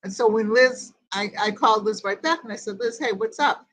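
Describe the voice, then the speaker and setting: An older woman who hosts a grief group tells a personal story in casual chat, rambling along and quoting every conversation word for word. Her medium-pitched voice is fairly quick and fairly bright, and the audio quality is poor.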